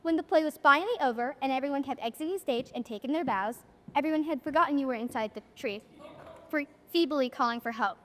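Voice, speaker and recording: A young adult woman narrates a school stage play, wryly telling the story to the audience and addressing them as "you." Her voice sits high and she talks fast, recorded from a distance in an echoey auditorium.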